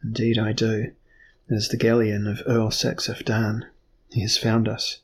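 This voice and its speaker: A man voicing a frightened young woman who speaks in quiet despair, in an audiobook reading. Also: fairly low pitch, monotone, a little slow, a little hiss or hum, close to an everyday voice. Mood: fearful.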